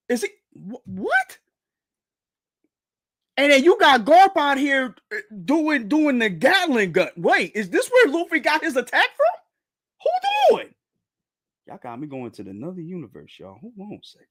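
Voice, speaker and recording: A man's voice: very high voice, unhurried. Hyped up guy reacting to manga on stream, slangy, voice jumps all over the place. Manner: excitable, loud outbursts, slangy, repeats himself. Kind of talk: excited live reaction, reading manga aloud. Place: home streaming setup with green screen.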